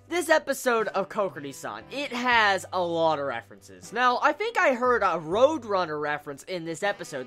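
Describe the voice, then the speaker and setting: An anime reviewer talking in a casual, excitable way and swearing freely. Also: medium pitch.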